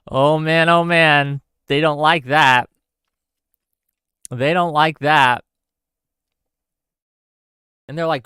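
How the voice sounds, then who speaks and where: A man's voice: on the high side, fairly even intonation, very slow, pauses often, bright, forceful tone, clear, resonant tone, no echo. A man hosting a livestream, reading out chat comments and ranting in a sarcastic, exasperated way. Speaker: streamer host.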